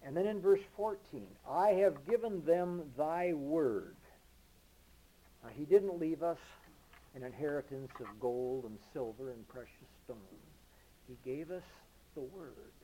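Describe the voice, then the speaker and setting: A man preaching a sermon with emphasis, rising to loud declarations and dropping to low murmurs, reading scripture slowly and deliberately. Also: expressive, breathy edge, poor audio. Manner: reads King James scripture slowly and deliberately.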